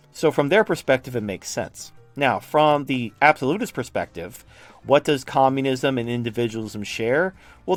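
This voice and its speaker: A political commentator from the United States, a man with a mid-range voice and no echo, walks through political charts. His explanatory talk over a shared chart is casual, blunt and profane.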